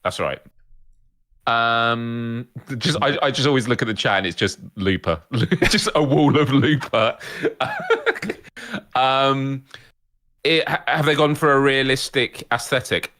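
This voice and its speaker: A man co-hosting a casual livestream chat, easygoing, asking quick questions. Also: mid-range voice, big pitch swings, pushed and bright. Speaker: podcast co-host.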